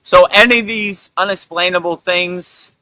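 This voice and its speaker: A middle-aged man hosting a spiritual talk, speaking in a relaxed, rambling way with lots of "you know". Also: sits high, moderate pace, dry recording, low-quality recording. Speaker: spiritual teacher and show host.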